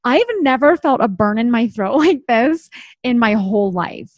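A woman's voice: a little high, moderate pace, dry recording, lo-fi sound. A woman in her thirties from Utah, telling a story in casual chat, full of "like" and acted-out quotes. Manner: animated, lots of "like", acts out quotes.

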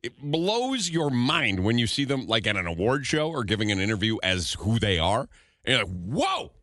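A male radio host whose pitch leaps and swoops when he gets worked up. He talks in excited, exaggerated disbelief. The sound is close and dry, with no room around it. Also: moderate pace, no room sound. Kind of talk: casual morning show banter.

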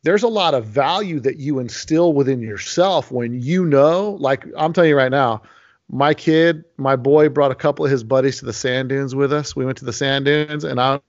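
A man in his forties hosting a casual podcast, telling animated stories with frequent restarts. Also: mid-range voice, normal speed. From Las Vegas. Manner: animated storyteller, many restarts. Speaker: host. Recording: lo-fi muffled audio.

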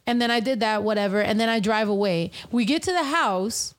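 A young woman telling a story in casual, animated chat, full of swearing. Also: on the high side, brisk. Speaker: podcast host and rapper.

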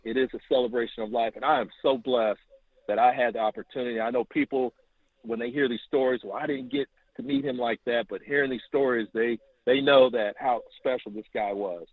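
Animated man on a phone line. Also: brisk, no room sound. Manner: animated, acts out quotes with rising pitch. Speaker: caller. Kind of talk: phone-in storytelling. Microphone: telephone.

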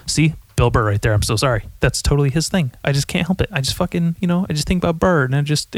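A young man hosts a solo podcast in a loose, profane ramble, often catching and correcting himself. His voice has a gravelly fry, and it sits in a dry, dead room. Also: fairly high pitch, sing-song, fast talker, few pauses, no echo. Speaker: podcast host.

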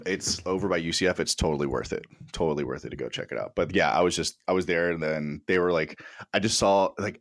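A man's voice: deep voice, a bit bright, no echo, clean studio sound. A man guesting on a podcast, telling rambling, profane stories in casual chat.

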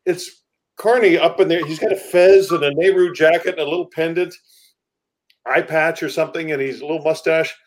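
A man chatting casually as a guest, joking and telling lively stories. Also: fairly high pitch, brisk. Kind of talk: casual chat.

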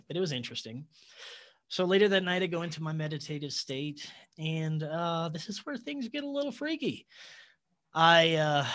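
A man with a slightly higher voice talks through a personal story in casual interview style. He is earnest and animated, slips into quoted back-and-forth and breaks into short laughs. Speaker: guest.

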